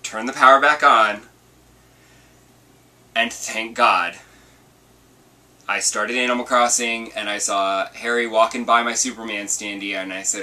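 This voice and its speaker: Chatty man, bright voice, a bit off-mic. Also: on the low side, a little slow, pauses often, far from the mic. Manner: chatty and animated, acts out quotes. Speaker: video podcast host. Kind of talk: casual storytelling vlog.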